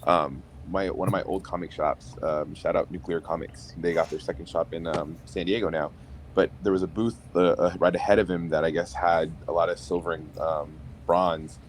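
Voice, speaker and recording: A man with a very deep voice chats in a relaxed, laid-back way as a podcast guest, often pausing on "um." Faint noise hums behind him. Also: rough recording. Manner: laid-back, uses fillers like "um". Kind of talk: casual chat.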